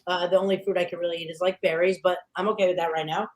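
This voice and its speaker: A woman chef chatting casually on a podcast, lively and talkative, often acting out what she says to herself. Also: lowish voice, very fast. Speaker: chef and guest cohost.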